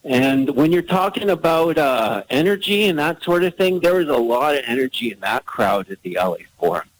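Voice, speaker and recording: A man's voice: on the high side, big pitch swings, normal speed, no echo, low-quality recording. Rambling man calling into radio. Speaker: radio caller. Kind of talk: casual call-in chat.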